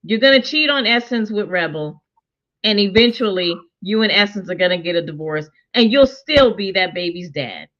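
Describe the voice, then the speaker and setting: In a mid-range voice at normal speed, a woman co-hosting a casual TV review talks through the series in a lively, conversational manner. She quotes characters in her own voice, and the sound quality is dull and lo-fi.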